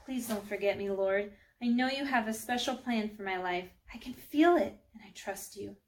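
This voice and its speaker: A woman's voice: medium pitch, moderate pace, a little hiss or hum, natural voice. A woman reading a children's storybook aloud, voicing a devout, sorrowful woman who speaks earnestly and pleadingly.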